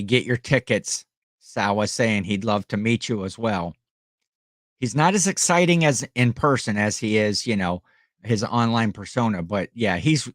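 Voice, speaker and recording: A man's voice: lowish voice, dry recording, studio quality. Rambling man hosting a live stream. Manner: rambling, reads chat aloud, many fillers and restarts. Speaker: livestream host selling items. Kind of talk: casual live-stream chat.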